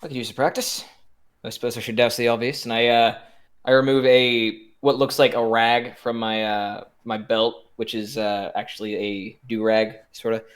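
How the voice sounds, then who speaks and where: A man's voice: mid-range voice, level tone, moderate pace, clean tone. A man playing a tabletop game, describing his character in a rambling, hesitant way. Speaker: player. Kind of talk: casual tabletop role-play.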